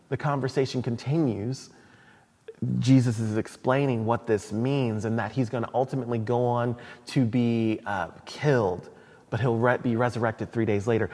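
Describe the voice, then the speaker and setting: A man preaching a sermon in a church, retelling scripture in a casual, animated storytelling way. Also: medium pitch, big-room sound. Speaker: pastor.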